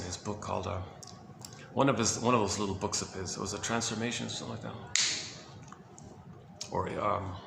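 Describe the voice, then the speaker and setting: Gravelly low man rambling in echoey room. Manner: meandering, self-correcting, chuckles softly. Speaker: host presenting quotes. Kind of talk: casual rambling talk. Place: indoor room. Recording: echoey room with background noise.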